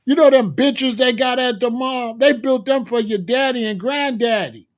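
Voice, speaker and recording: Hosting his own commentary show, a man with a notably high voice delivers a comedic rant at a moderate pace. He lectures in loud, slangy street talk, mocking and swearing freely.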